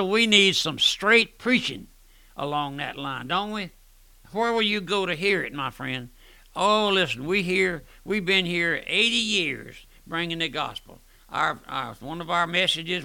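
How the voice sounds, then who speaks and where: An older man preaching a fervent radio sermon, often repeating "my friend" and swinging between loud and soft. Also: on the high side, vocal fry, no room sound.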